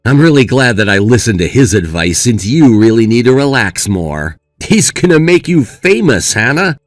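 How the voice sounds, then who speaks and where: A man's voice: medium pitch, big pitch swings, moderate pace, no echo, clean studio sound, close to an everyday voice. A man playing a careless young groom who brushes off his bride with taunting, dismissive remarks. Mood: gleeful.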